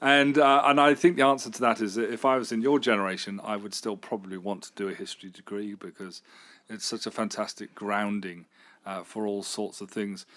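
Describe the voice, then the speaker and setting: A man's voice: on the low side, fairly even intonation, fairly quick, fairly bright tone. A middle-aged man, a radio station manager, answering interview questions in an enthusiastic, rambling way with fillers and restarts.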